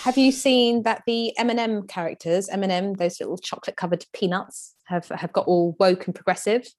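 A woman's voice: mid-range voice, steady tone, normal speed, a little mellow, faint music behind. A woman, chatting as a podcast co-host in a gossipy, cheeky way. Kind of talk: casual chat.

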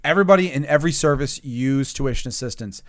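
A man's voice: mid-range voice, fast talker. A man from the United States, a recurring guest on a casual podcast, joking around and then turning earnest.

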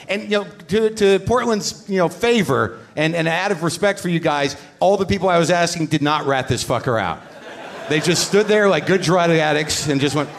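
A man hosting a live podcast on stage, telling a story in an animated, profane and self-deprecating way. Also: fairly high pitch, brisk, gravelly. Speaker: podcast host and comedian. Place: on stage at a live comedy show.

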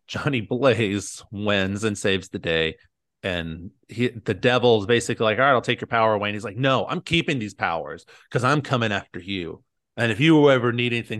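A podcast co-host from the United States, this man speaks with a lowish but somewhat bright voice. He loosely recaps a movie in rambling conversation, peppered with "like" and quotes he acts out.

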